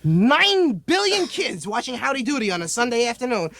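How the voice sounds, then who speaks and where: A young man doing live stand-up comedy, animated and mock-shouting his impressions. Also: extremely high pitch, normal speed, creaky. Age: 20s. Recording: live club recording with loud audience.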